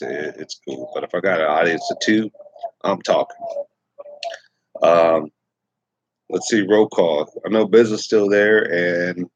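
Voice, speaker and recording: A man's voice: low-pitched, slightly rough, no room sound, dull audio. A middle-aged man from Texas hosting a casual morning livestream, rambling with many fillers and restarts. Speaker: livestream host.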